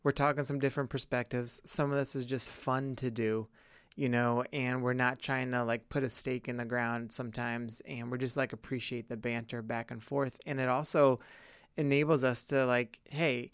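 A man's voice: mid-range voice, level tone, normal speed, smooth, dry recording, clean studio sound. A man hosting a casual podcast discussion as a pastor, talking earnestly in a rambling way with many fillers and restarts.

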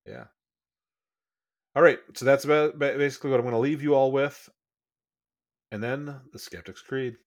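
A man's voice: mid-range voice, normal speed, long pauses. A man co-hosting a podcast in casual chat, rambling and restarting his sentences, with sudden bursts of speed. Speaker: podcast co-host.

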